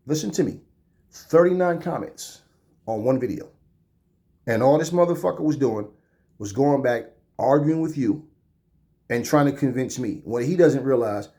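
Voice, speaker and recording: Brief: male channel host, casual and blunt, swears freely, mid-pitched voice. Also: darkish tone. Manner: blunt, profane, rambling. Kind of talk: casual talk to camera.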